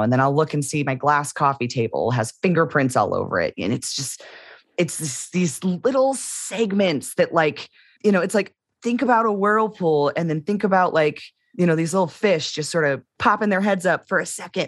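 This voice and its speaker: Low-voiced woman, candid podcast co-host. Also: normal speed, no room sound, clean studio sound. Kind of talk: casual conversational podcast.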